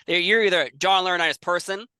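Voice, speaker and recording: A chatty male interviewer with a high, sharply bright voice, recorded dry and close. He keeps the talk moving with quick reactions. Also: clean tone, dry recording. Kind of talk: casual interview chat.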